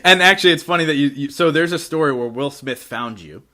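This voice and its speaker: A man's voice: fairly high pitch, lively intonation, quick pace, sharp tone. A male podcast host asking eager, curious follow-up questions in a casual interview. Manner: chatty and curious, asks eager follow-ups.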